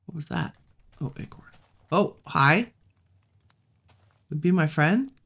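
A woman hosting a relaxed let's-play, musing aloud and chatting to the animals she meets in the game. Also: deep voice, slow, husky. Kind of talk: relaxed gameplay commentary.

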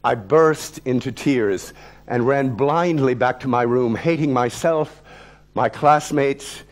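A man in his sixties, an actor and lecturer, telling a story from his childhood in a vivid, wry, theatrical way. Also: slow pace. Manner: dramatic, vivid, wry delivery with big swings in pitch and loudness.

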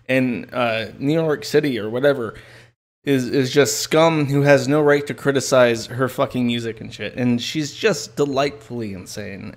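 A man hosting a live stream, giving rambling, profane, amused commentary on a clip. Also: medium pitch. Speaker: streamer and host.

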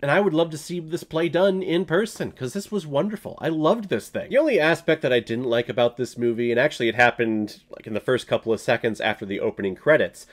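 A young man giving a casual, jokey spoken film review, laughing and sometimes bursting into loud shouted bits. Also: medium pitch. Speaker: movie reviewer.

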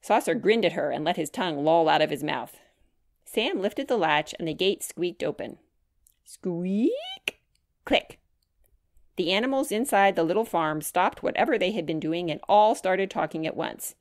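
A woman narrates her own children's chapter book in a clear, measured storytime voice. Her voice sits slightly low. The recording is close and dry. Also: expressive, no room sound. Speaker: author reading her book.

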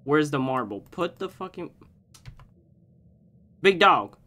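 A young man hosting a gaming channel, joking and trash-talking his way through a horror game, swinging from low mutters to loud yelps. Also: sing-song, slow pace. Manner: joking trash talk at the game's granny. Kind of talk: horror game let's play commentary.

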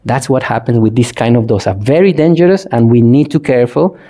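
Animated monk giving a dharma talk. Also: male voice, mid-range voice, brisk. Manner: animated, asks the audience questions, acts out examples. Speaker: Buddhist monk teacher.

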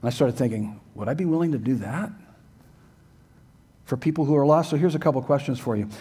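A man's voice: mid-range voice, brisk, warm tone, husky. An older man preaching a sermon as a pastor in a church sanctuary, earnest and emphatic, with many rhetorical questions.

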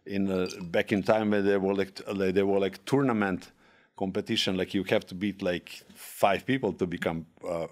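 A man with a low-pitched, steady voice speaks haltingly, with many fillers, restarts, and non-native grammar. He's a former legionnaire appearing as a guest in a casual podcast chat.

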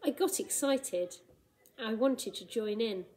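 A woman's voice: fairly high pitch, expressive, takes it slowly, darkish tone, poor audio. A woman voicing an exhausted, defeated male space dragon monster who pleads mournfully in a storybook reading. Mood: wistful.

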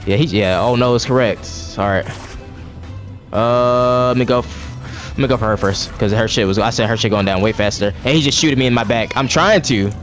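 Over faint background music, a man with a medium-pitched voice speaks a little fast. He's a gaming streamer offering exasperated, profane, running commentary on the video game he's playing live.

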